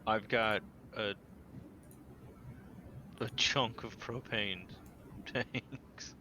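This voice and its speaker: A man's voice: lowish voice, steady tone, extremely slow, bright, forceful tone, a little hiss or hum. A man playing a tabletop game over voice chat, argumentative and easily exasperated. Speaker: player.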